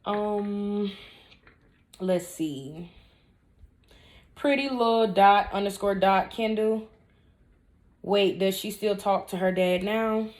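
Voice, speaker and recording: A woman's voice: mid-range voice, darkish tone. A woman in her twenties, a vlogger answering viewer questions in a casual storytime Q&A, candid and emphatic, with blunt talk and joking asides. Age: 20s.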